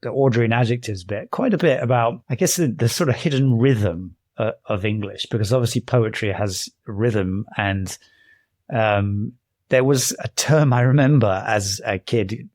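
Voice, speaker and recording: A man with a fairly low voice hosts an interview podcast, recorded dry and close. He asks long, winding questions with polite hedges. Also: moderate pace, a little mellow, dry recording. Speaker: podcast host.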